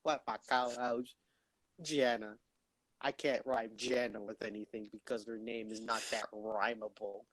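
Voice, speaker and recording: A man hosting a podcast in loud, rambling, stuttery casual chat, swearing often. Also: on the low side, little pitch movement, a little slow. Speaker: podcast host.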